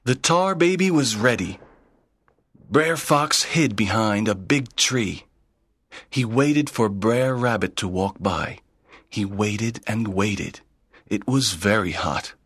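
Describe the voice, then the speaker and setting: Slow, dry-voiced male story narrator. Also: lowish voice, animated, fairly bright tone, no echo. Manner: plain, simple sentences. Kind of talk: slow read-aloud storytelling.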